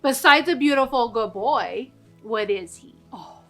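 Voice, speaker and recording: A woman talks to her camera at home in a loose, rambling vlog chat. Her voice is bright and forward, and she circles around her points as she goes. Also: a little high, a little slow, soft background music. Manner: chatty, rambling, warm-hearted. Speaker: vlogger.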